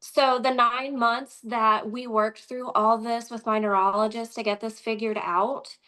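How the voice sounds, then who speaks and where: Animated Midwestern woman telling her story. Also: fairly high pitch, unhurried. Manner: animated, acts out quoted dialogue. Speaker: interview guest. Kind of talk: conversational storytelling.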